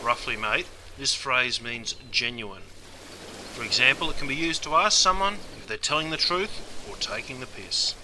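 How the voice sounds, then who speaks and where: A man's voice: medium pitch, expressive, normal speed, bright, forceful tone, slight background noise. An Australian man hosting a comic lesson on slang, chummy and playful, calling everyone mate. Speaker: host teaching Aussie slang.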